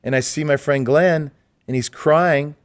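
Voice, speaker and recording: A man's voice: a little high, a little slow, no echo. A man, a pastor co-hosting a church interview show, telling a personal story in an earnest, emphatic way. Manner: earnest, emphatic, talks over others. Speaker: pastor and co-host. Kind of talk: conversational storytelling.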